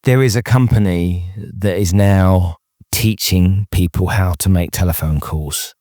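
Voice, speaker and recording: A man's voice: sits low, unhurried, dark tone, dry recording, clean studio sound. A man hosting an interview podcast, talking emphatically with many restarts and checking in with "okay?". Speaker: podcast host. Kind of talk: casual interview chat.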